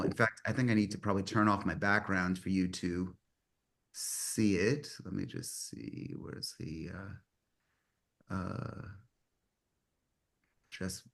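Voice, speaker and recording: A man's voice: lowish voice, fairly bright tone. Man, 50s, mastermind host on a video call; casual, rambly, enthusiastic. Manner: rambling, self-correcting, enthusiastic. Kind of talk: casual online meeting talk.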